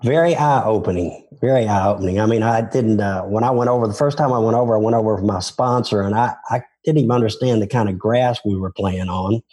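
Husky older Southern man, low-voiced. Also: steady tone, fast, few pauses, a little mellow. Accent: Southern US, Tennessee. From Memphis, Tennessee. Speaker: former touring golf pro, interviewee. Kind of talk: casual interview storytelling.

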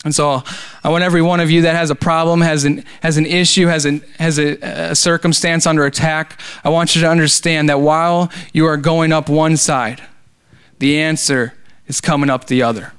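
High-voiced man preaching a sermon. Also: fairly even intonation, brisk, a bit bright, smooth. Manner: preaching with call-and-response, rising to fervent exhortation. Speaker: pastor. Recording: faint music behind.

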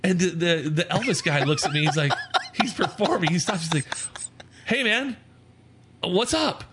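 A man's voice: a little high, fairly quick, heavy background noise. A man co-hosting a podcast, telling a story in casual chat and acting out the people in it. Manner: animated, acts out quotes in voices. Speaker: podcast co-host.

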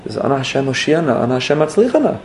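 A man voicing a calm, wise Hasidic rebbe who explains gently and patiently. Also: medium pitch, rapid-fire, a little hiss or hum. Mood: gentle.

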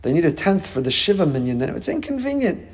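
A man's voice: mid-range voice, quick pace, breathy edge. A man teaching a Torah class as a rabbi, delivering an emphatic sermon full of rhetorical questions. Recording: long hall reverb.

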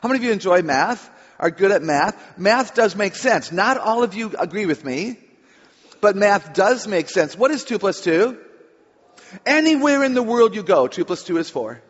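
A woman's voice: mid-range voice, very animated, moderate pace, breathy edge. A woman author giving a humorous talk to a live audience, chatty and playful. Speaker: author and speaker on children. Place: large hall with audience. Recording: echoey hall, dull lo-fi sound.

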